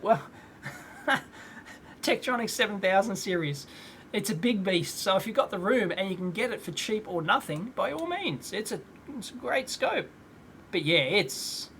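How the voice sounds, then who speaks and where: A man in his thirties hosting a live electronics Q&A stream from a home workshop, casual and rambling, clearing his throat often. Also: high voice, fairly bright tone, a little hiss or hum. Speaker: electronics video host.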